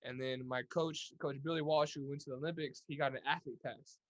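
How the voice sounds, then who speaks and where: A young man from California's Central Valley talks fast and eagerly as an interview guest. His voice sits a little high, and he tumbles through restarts as he tells his stories. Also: fairly even intonation, a bit bright. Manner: fast, upbeat, many restarts. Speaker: guest, Olympic boxer. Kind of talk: casual interview storytelling.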